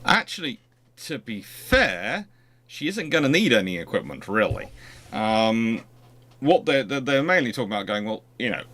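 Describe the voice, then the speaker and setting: A man's voice: mid-range voice, a bit bright. A man hosting a livestream, chatting casually and rambling with frequent restarts. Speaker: host.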